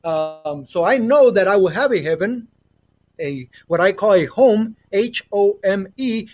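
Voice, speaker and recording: Rambling, earnest man with a high voice. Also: lively intonation, unhurried, darkish tone. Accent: Mexican. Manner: rambling, earnest, often trails off and restarts. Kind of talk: casual spiritual livestream chat. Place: home with children nearby. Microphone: earbud headset.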